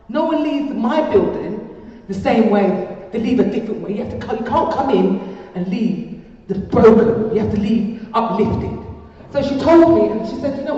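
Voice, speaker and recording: A woman's voice: a little high, mellow, a little hiss or hum. An older woman giving a heartfelt, rambling personal testimony at a community event, often repeating her phrases. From England. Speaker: speaker at a community peace event. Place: large hall. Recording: echoey hall from far off, muffled.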